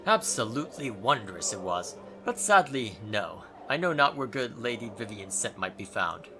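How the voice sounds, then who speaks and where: A man voicing a pompous talking armoire with a slow, grand and formal manner. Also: lowish voice, big pitch swings, over music, voice pushed down.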